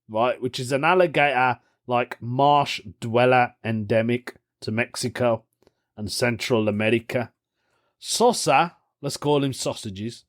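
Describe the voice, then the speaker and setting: A man's voice: medium pitch, no room sound, clean studio sound. Jokey man hosting a podcast. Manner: jokey, laughs often, rambling asides. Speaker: podcast host. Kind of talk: casual chat.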